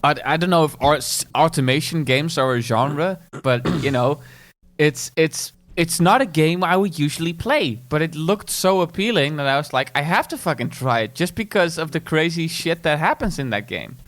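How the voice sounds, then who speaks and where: Guy guest on a podcast, kinda high voice, chill, swears a bunch. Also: lively intonation, moderate pace, fairly bright tone. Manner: laid-back, swearing, laughing. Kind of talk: casual podcast chat.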